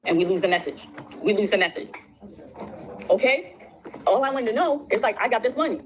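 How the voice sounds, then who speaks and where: A woman telling her side of a settlement story, rushing excitedly and repeating phrases. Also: on the high side, a little hiss or hum, low-quality recording. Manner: rapid and excitable, repeats herself. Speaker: guest recounting a legal settlement. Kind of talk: casual storytelling on a stream.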